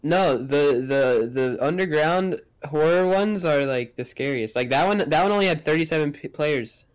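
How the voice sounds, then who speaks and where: A man's voice: on the high side, lively intonation, normal speed, smooth. A young man playing a horror game with a friend, joking, laughing and jumpy. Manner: jumpy, laughs a lot, jokey. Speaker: co-player. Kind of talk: casual gaming chat.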